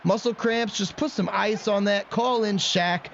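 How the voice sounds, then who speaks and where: A man hosting let's-play commentary of a video game, excitable and quick to rant at himself in frustration. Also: sits high, vocal fry. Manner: excitable, swings into frustrated self-mocking rants. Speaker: gaming channel host. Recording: muffled lo-fi audio with faint background noise.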